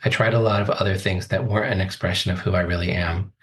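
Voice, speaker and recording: A man's voice: sits low, fairly even intonation, quick pace, fairly bright tone. A man in his forties, a coach, telling his life story as a podcast guest in a thoughtful, earnest way. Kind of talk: reflective interview talk.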